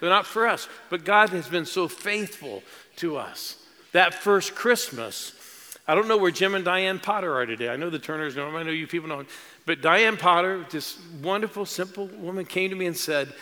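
A man's voice: high-pitched, expressive, moderate pace, bright, forceful tone. A middle-aged male pastor preaching a sermon, telling stories emotionally and building to exclamations. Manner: emotional, storytelling with rising exclamations. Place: large church auditorium. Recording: reverberant hall with crowd behind.

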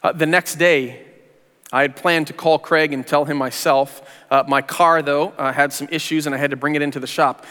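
A man's voice: fairly high pitch, steady tone, moderate pace, sharp tone. A man in his forties, a pastor, telling a personal testimony in an earnest, conversational way with casual slang, in a church sanctuary. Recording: long reverb of a large hall.

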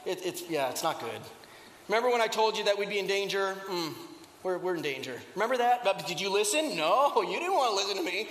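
A preacher doing a sarcastic, fed-up apostle. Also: male voice, high voice, expressive, a little fast, a bit bright, roomy sound, long reverb tail, voice pushed down. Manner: sarcastic, mocking I-told-you-so tone. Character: exasperated apostle scolding a ship captain.

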